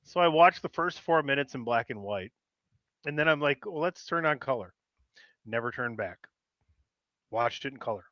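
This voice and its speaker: A man's voice: medium pitch, expressive, moderate pace, long pauses, a bit bright, no echo, dull audio. A man co-hosting a pop-culture podcast, chatting in a playful, teasing way. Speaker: podcast co-host. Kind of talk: casual pop-culture chat.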